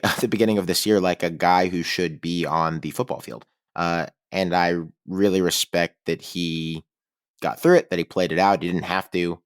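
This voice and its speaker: A man's voice: deep voice, no room sound, studio quality. A man co-hosting a casual college football podcast, chatting and reading sponsor spots with enthusiasm. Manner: conversational, reads sponsor reads with enthusiasm. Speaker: podcast co-host. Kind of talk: casual sports podcast talk.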